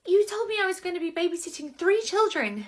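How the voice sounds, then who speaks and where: A woman's voice: extremely high pitch, fast talker. A woman doing a flustered, stammering babysitter. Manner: flustered and stammering, repeating herself. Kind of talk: comedy sketch acting.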